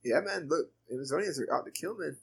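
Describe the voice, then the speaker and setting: A man's voice: a little high, quick pace, creaky, fairly bright tone, husky. A married man co-hosting a podcast, joking and laughing through crude casual banter. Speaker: podcast co-host. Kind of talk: casual chat.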